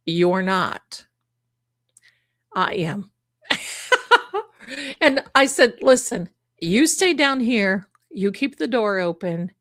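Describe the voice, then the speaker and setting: A middle-aged woman, telling a ghost story at home in a casual, animated way and acting out the voices she quotes. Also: mid-range voice, dry recording, studio quality. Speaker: psychic show host.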